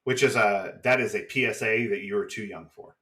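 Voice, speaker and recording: A man co-hosting a podcast, casually recapping a TV episode with swearing and quick mock voices of the characters. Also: on the low side, bright, forceful tone. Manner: swearing, chatty, acts out quick impressions. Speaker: podcast co-host.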